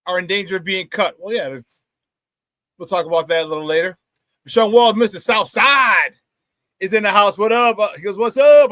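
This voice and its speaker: Hyped sports talk host. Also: male voice, sits high, dry recording. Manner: hyped, shouts out viewers, laughs often. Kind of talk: live sports talk show, reading chat.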